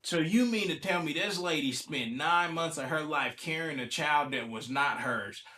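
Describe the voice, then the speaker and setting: An Ohio man, a little under the weather, hosts a casual solo podcast, responding to news headlines in loose, colloquial talk and repeating himself as he argues back. His voice is on the high side with a sharp tone, at normal speed, in an echoey room.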